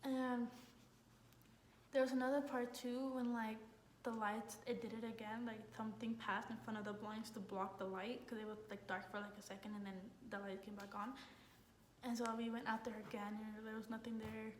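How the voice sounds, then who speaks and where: A young woman tells a story in a casual, rambling way, leaning on "like" as she retells things excitedly. Her voice sits a bit high. The room around her is echoey, with a faint hiss underneath. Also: moderate pace. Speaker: college student vlogger.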